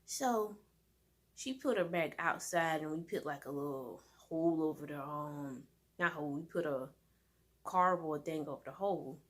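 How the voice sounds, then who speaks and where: A woman's voice: low voice, moderate pace. Chatty woman rambling through a story. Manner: rambling, animated, many fillers and restarts. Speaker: vlogger. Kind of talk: casual storytime monologue.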